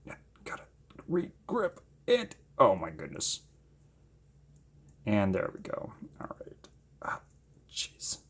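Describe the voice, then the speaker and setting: Excitable man with a wildly swooping pitch. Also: slow pace, pauses often, breathy edge. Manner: excitable, gushing exclamations; chatty, self-deprecating asides. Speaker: paint-pouring channel host. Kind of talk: casual narration while painting.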